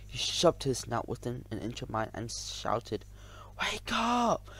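A man narrating a children's audiobook in the first person, lively and expressive. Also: mid-range voice, a little slow, vocal fry, husky.

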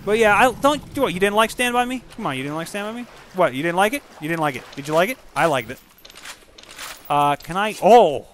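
Excitable, foul-mouthed gaming commentator man. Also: high-pitched, fairly quick, slight background noise. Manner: excitable, profane, yelling at enemies. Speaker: gamer commentator. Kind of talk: casual gameplay commentary.

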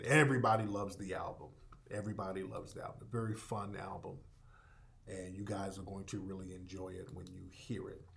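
A man hosting a live broadcast in a loose, conversational way. He repeats his points and talks straight to his listeners, calling them family. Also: on the low side. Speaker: radio show host. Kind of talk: casual live broadcast talk.

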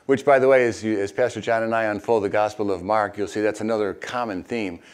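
An older man, a retired pastor, preaching a sermon and reading scripture, with hesitant asides full of fillers and sudden animated bursts. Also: quick pace. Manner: animated, jumps high and loud when acting out crowd voices.

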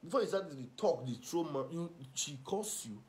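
Nigerian pidgin guy ranting gossip, mocking and scolding, kinda high voice. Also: expressive, brisk. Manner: mocking, scolding, swings loud and soft. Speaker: online commentator.

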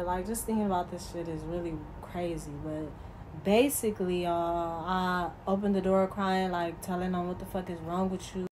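A woman's voice: medium pitch, darkish tone, a little hiss or hum, low-quality recording. A woman vlogger telling a casual storytime, profane and emphatic, talking straight to her viewers.

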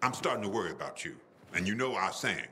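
A man's voice: deep voice, sing-song, fast, sharp tone, a little hiss or hum, full character voice. An actor playing a cautious, earnest adult male survivor in a video game. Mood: steady.

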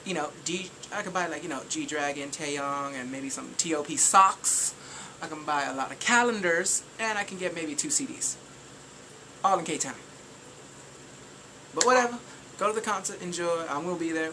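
A young adult vlogger ranting casually, animated and exaggerated, full of exclamations. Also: medium pitch, quick pace, slight background noise.

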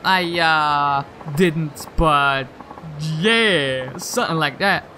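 A man's voice: a little high, drawn-out words, sharp tone, slight background noise, pitched below the performer's own voice, heavily acted. A man voicing a nervous young boyfriend in a video game, hesitant and stammering. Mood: evasive.

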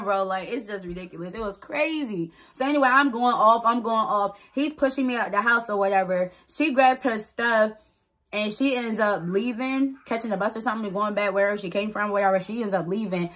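A woman's voice: mid-range voice, a little fast. A woman vlogger telling a personal story in a casual, blunt way, swearing freely and acting out what people said. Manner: animated, blunt, swears freely, acts out dialogue.

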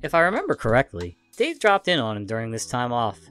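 A man narrating funny internet stories in a lively, expressive way. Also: mid-range voice, fast, smooth, faint music behind. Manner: lively, expressive, acts out the dialogue. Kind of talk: reading internet stories aloud.

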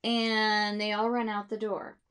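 A woman's voice: medium pitch, completely flat delivery, measured pace, fairly bright tone, a little hiss or hum. A woman music teacher explaining how to teach music with storybooks, demonstrating sounds and voices for her students.

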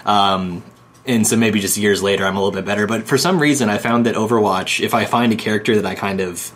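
A man hosting a podcast, talking in a measured, thoughtful way with many ums. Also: lowish voice, fairly bright tone. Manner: measured, thoughtful, filler-heavy. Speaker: podcast host. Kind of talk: casual podcast chat. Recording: faint background noise.

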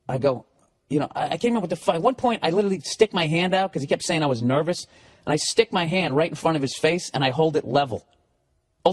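Husky, profane ranting comedian. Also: male voice, on the high side. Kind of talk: comedic storytelling rant.

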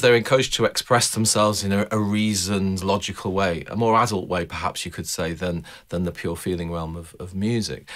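A man with a somewhat low voice talks through ideas about music like a teacher addressing a camera. His delivery is conversational and thoughtful, with frequent restarts and questions put to the listener. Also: fairly bright tone. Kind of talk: explanatory talk to camera.

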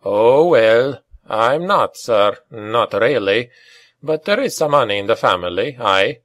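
A man voicing a big, earnest Scottish male officer with a deep, gruff voice in an audiobook reading. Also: animated, a little slow, fairly bright tone, dry recording. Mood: explaining. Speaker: mercenary major.

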